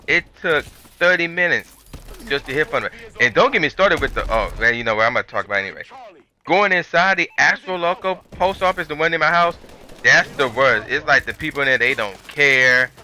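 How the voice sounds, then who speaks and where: A man's voice: a little high, expressive, brisk, bright, forceful tone. A man ranting in casual, colloquial commentary over gameplay, telling an exasperated story with lots of animation. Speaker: gaming channel host.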